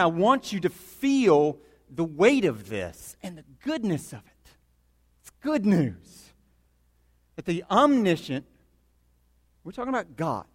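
A man preaching a sermon, emphatic and building through repeated phrases to loud peaks. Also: on the high side, long reverb tail. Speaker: pastor.

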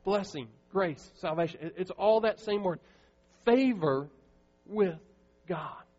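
A man's voice: high-pitched, takes it slowly, darkish tone, in a large hall, lo-fi sound. A man preaching a sermon as pastor, earnest and emphatic, often restarting his sentences. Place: church sanctuary.

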